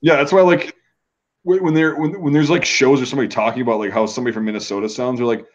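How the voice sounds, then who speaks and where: A man's voice: mid-range voice, steady tone, fast, muffled recording. A man hosting a casual chat, swearing freely and joking around. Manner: profane, joking, puts on mock voices. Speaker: host.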